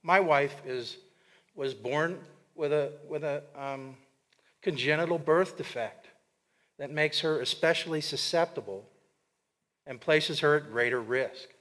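A man giving an impassioned, pointed public comment at a council meeting, with restarts and pauses. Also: a little high, a bit bright, long reverb tail. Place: council chamber.

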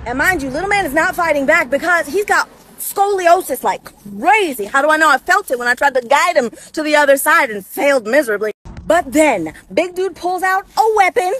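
A woman telling a funny story in an animated, exclaiming way, acting out the scene as she goes. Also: high-pitched, brisk. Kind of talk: comic storytime monologue.

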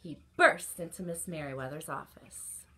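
A woman librarian reading a picture book aloud at children's story time, expressive, with little asides to the kids. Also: deep voice, normal speed.

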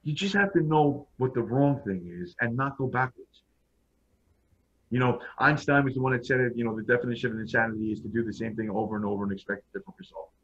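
A man's voice: mid-range voice, quick pace, fairly bright tone, husky. A man telling his personal story as a podcast guest, blunt and frank, often restarting his sentences. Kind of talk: personal storytelling in a casual interview. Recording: dull lo-fi sound.

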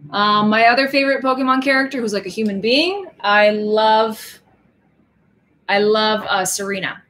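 A woman's voice: medium pitch, moderate pace, a bit bright. A woman hosting a casual home livestream, rambling and chatty, who speaks Russian as her first language. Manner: chatty and rambling, with many restarts. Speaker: livestream host signing autographs. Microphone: headphones.

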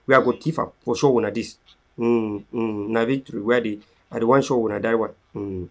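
Raspy, creaky Cameroonian man preaching. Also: fairly even intonation, fairly quick. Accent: Cameroonian Pidgin English. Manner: repetitive and preachy, swinging between loud pleas and low murmurs. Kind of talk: impassioned live-stream address.

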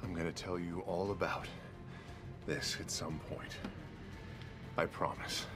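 A man's voice: deep voice, level tone, unhurried, over music. A man playing in a tabletop game, speaking earnestly and tenderly in character as a father. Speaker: player. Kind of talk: in-character role-play.

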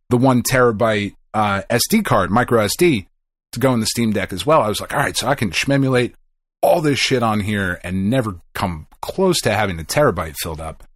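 A middle-aged man on a podcast, recorded close on a mic in a dry, dead room. His pitch swings widely as he spins a story, swearing freely and acting out the people in it. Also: fairly bright tone, no echo. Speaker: podcast co-host. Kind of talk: casual podcast chat.

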